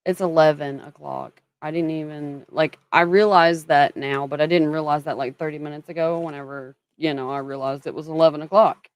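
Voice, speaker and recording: A woman's voice: sits low, fairly even intonation, fairly quick, hardly any pauses, smooth, dry recording. A woman from Kentucky hosting a casual livestream, chatting and greeting viewers by name as she talks. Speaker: livestream host.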